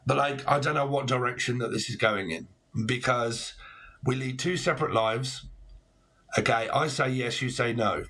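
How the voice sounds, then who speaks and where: A man's voice: medium pitch, normal speed, pushed and bright. A man in his forties giving a casual tarot reading, rambling with puns and frequent swearing. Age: 40s. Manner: rambling, punning, swearing freely. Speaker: tarot reader.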